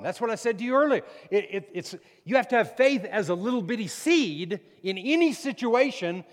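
A pastor preaching a sermon, swinging from loud emphatic peaks down to low, quiet stretches. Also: male voice, expressive, moderate pace, hardly any pauses, in a large hall.

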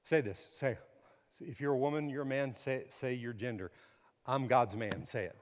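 A middle-aged man preaching a sermon, emphatic, swinging from quiet to loud and repeating words. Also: medium pitch, moderate pace, long reverb tail.

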